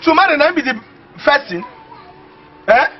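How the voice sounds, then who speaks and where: An actor playing an excitable, boastful young village man who talks in Nigerian Pidgin English. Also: very high voice, normal speed, faint music behind. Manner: boastful, excitable, laughing often. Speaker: villager dreaming of going to the city. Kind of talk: comedy film acting. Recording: muffled film audio with faint hiss.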